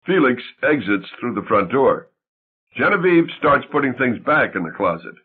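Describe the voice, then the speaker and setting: Husky man reading a play aloud. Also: medium pitch, big pitch swings, normal speed. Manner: reads out stage directions and speaker names. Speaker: audiobook narrator. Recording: tinny phone-like sound.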